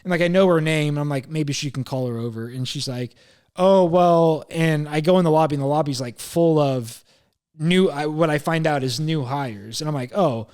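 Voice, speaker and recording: A man's voice: on the high side, brisk, darkish tone. A young man hosting a podcast, rambling through a story in casual chat, swearing often and quoting himself. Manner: rambling, swears a lot, quotes himself, laughs at himself. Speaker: podcast host.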